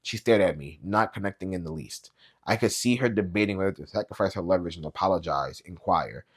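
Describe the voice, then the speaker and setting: A man reading a novel aloud as a booktube reader, with quiet, low-key, even narration. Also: a little fast, husky.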